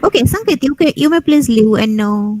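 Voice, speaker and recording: A woman teacher, firing brisk, probing questions at students in an oral lab exam over a video call. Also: high voice, expressive, warm tone, rough recording. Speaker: teacher conducting a lab viva.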